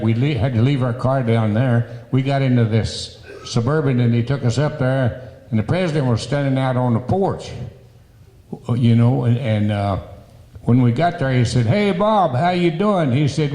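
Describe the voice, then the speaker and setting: A man with a dark, mellow voice spins a folksy, rambling cowboy yarn, acting out the quoted lines. His voice carries a long reverb, as if he is in a roomy hall. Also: mid-range voice. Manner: folksy, rambling storyteller who acts out quotes. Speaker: interviewee, rodeo cowboy. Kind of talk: casual anecdote telling.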